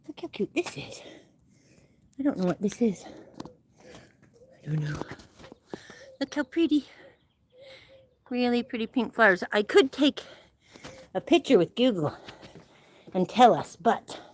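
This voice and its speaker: A woman's voice: medium pitch, a little mellow. A middle-aged woman from Utah, out of breath as she walks and exercises outdoors, rambling chattily into her phone and laughing often. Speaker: livestream host. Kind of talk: casual live-stream chat while exercising. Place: outdoors, walking.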